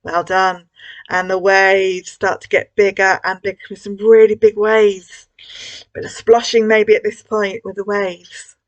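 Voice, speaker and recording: Expressive woman telling a children's story. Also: mid-range voice, measured pace, low-quality recording. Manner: gentle, expressive storytelling to children, with hushed moments. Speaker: school worship leader. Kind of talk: children's collective worship storytelling. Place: church.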